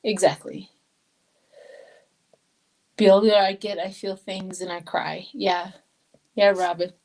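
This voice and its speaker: A woman's voice: medium pitch, little pitch movement, takes it slowly, a little mellow, rough recording. An older woman from Colorado giving a live tarot reading in an emotional, chatty way, reading viewer comments aloud. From Colorado, USA. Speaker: tarot reader.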